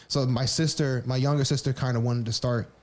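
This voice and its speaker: A man speaks at a rapid clip, trading stories on a podcast. He rambles, restarting sentences and swearing casually as he goes. His pitch sits in an ordinary middle range. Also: steady tone, a little mellow. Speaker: podcast co-host. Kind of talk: candid personal storytelling.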